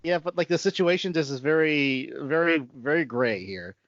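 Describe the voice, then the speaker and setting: A man co-hosting a podcast, talking haltingly and filling pauses with "uh" and "like". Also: on the high side, fairly bright tone, no echo. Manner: halting, many fillers. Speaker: podcast co-host. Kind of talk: casual fan discussion. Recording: dry, dull lo-fi audio.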